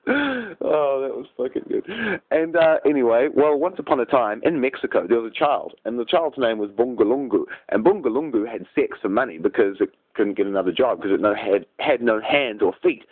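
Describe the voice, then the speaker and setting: A man's voice: mid-range voice, expressive, a little fast. Rambling crude man on tinny audio. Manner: rambling, crude, giggling at his own jokes. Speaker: vlogger telling an improvised rant. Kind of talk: improvised absurd storytelling rant.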